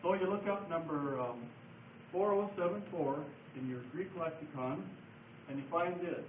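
A man's voice: a little high, normal speed. A man teaching a Bible study class, explaining things patiently and repeating key words as he writes on a board. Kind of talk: classroom lecture with board writing. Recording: echoey room from far off, phone-like lo-fi sound, faint hiss.

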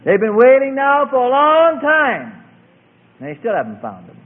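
A man preaching a sermon with emphatic delivery, swinging from loud calls to hushed passages. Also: very high-pitched, huge pitch swings, normal speed. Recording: tinny lo-fi phone-like recording.

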